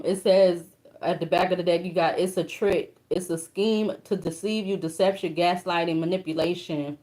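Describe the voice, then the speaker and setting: Casting: young woman, lowish voice, casual tarot reader, emotional and colloquial. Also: a little mellow. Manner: reads card texts aloud, emotional, colloquial.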